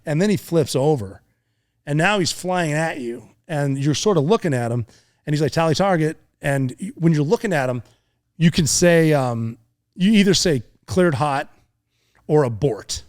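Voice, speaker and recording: A middle-aged man with a slightly raised pitch spins a combat story in casual podcast talk. He swears freely, mimics gunfire and other men's shouts, and drifts between tension and dry humor. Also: normal speed. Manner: animated war storyteller, profane, acts out voices and sounds, laughs often. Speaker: podcast guest, former Navy SEAL.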